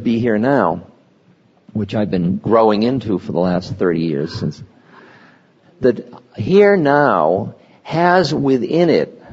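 An older man giving a slow, meditative spiritual talk, pausing between words, recorded lo-fi in a reverberant hall. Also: lowish voice, slightly rough. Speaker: spiritual teacher.

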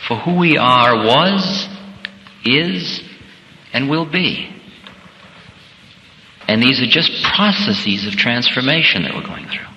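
A man's voice: medium pitch, big pitch swings, slow pace, long pauses, sharp tone, highs cut off, a little hiss or hum. A man giving a reflective, conversational workshop talk as a spiritual teacher, now and then acting out little scenarios. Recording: echoey hall with long reverb.

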